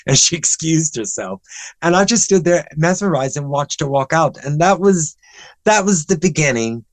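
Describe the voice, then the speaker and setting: A man's voice: fairly high pitch, lively intonation, moderate pace, dry recording, low-quality recording. A man in his seventies, a guest in an interview, telling long anecdotes in a chatty, rambling way full of restarts. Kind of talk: animated anecdotal storytelling.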